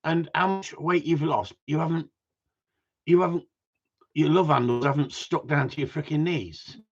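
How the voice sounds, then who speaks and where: A middle-aged man with a husky voice, chatting bluntly on a live stream with sweary, self-mocking banter. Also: a little high, steady tone, normal speed. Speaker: dog trainer livestreaming. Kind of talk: casual live-stream chat. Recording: dull lo-fi livestream audio.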